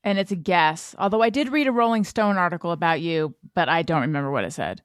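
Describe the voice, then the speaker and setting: A woman hosting a casual quiz chat, playful and quick to laugh. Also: fairly low pitch, lively intonation, smooth, no echo, studio quality. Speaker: host. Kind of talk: casual game show chat.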